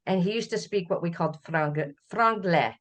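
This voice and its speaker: A middle-aged Canadian woman, a podcast guest, telling family memories in a relaxed conversational way, often laughing as she recalls. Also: lowish voice, normal speed. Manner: warm storytelling, laughs while recalling. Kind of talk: conversational interview.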